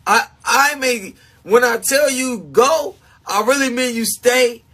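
A man livestreaming to his supporters, talking in a confessional, self-mocking way and swinging between shouting and hushed talk. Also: very high-pitched, slow pace, breathy edge. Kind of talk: emotional livestream monologue.

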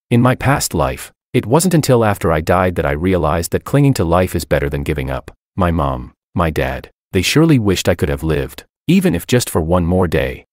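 Brief: male storyteller, deep voice, wide expressive range, dry close sound. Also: no echo. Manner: emotional, earnest storytelling. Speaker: narrator. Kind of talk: scripted first-person story narration.

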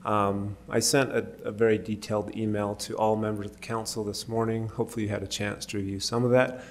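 A man giving public comment as a resident at a city council meeting, measured, with frequent hesitation fillers. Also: on the low side, flat delivery, a little hiss or hum.

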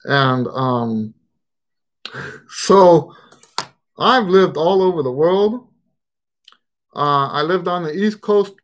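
A man's voice: on the high side, lively intonation, extremely slow, pauses often, slight background noise. An American man with a mixed, shifting regional accent, hosting a trumpet Q&A live stream in a rambling, casual way with many fillers. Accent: mixed American, Texan and Western Pennsylvania touches. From United States.

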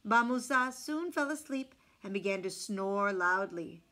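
A woman reading a folk tale aloud from a picture book, expressive, dropping to hushed asides about the illustrations. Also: mid-range voice, unhurried. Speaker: storyteller.

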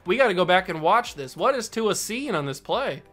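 A man's voice: high voice, normal speed, faint music behind. A man playing a football video game and commentating live, often scolding himself for his mistakes. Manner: self-scolding, exasperated, then animated. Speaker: gaming YouTuber.

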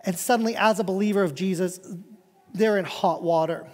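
A high-voiced male pastor preaches in an animated, conversational way and often doubles back on his words. His voice rings with the long reverb of a church hall. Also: a little fast. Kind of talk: sermon. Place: church sanctuary.

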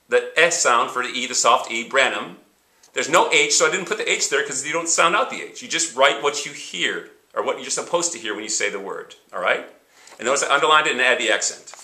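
A man's voice: mid-range voice, pushed and bright, roomy sound. A man teaching a lesson, patiently sounding words out and repeating examples. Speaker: high school teacher. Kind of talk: instructional explanation.

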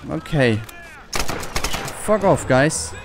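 A man's voice: fairly high pitch, expressive, drawn-out words, background noise. Swearing, frustrated male gamer. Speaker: let's play gamer. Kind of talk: gaming commentary.

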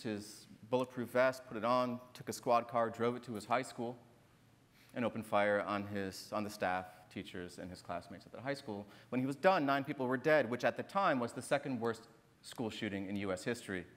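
Man telling a story in a reverberant hall. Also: mid-range voice. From northern Minnesota, USA. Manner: earnest, emphatic, repeats phrases and tags "right?". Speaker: author speaking at a literary festival. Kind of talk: on-stage conversation, personal storytelling. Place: large hall on stage.

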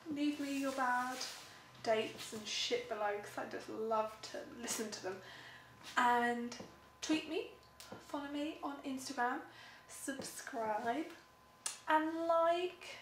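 A woman's voice: high voice, takes it slowly. A young British woman talking casually to camera, blunt, sweary and sarcastic. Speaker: vlogger. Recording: echoey room, mic at a distance, faint hum.

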